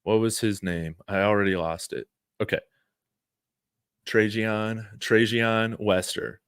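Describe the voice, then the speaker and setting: On the low side and smooth, this man's voice moves slowly over a dry, clean studio recording. As host of a live sports stream he casually reads viewer comments and wanders off, relaxed, full of fillers and chuckles.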